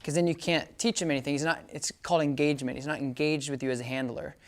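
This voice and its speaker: Giving a casual, hands-on training demo, a dog trainer chats away, often checking that the listener follows, and offers the dog bright, upbeat praise commands. His voice is fairly high, steady in tone and fast.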